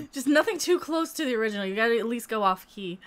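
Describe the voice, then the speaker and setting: A woman hosting a casual live-stream chat, giggly and excitable. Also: high voice. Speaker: streamer host.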